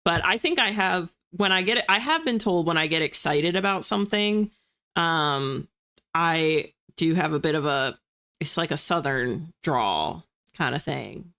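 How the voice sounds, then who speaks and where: A woman's voice: deep voice, expressive, unhurried, pushed and bright. A young woman from the US East Coast, hosting a livestream and chatting casually with viewers in a self-deprecating way. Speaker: livestream host. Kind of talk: casual chat reading viewer comments.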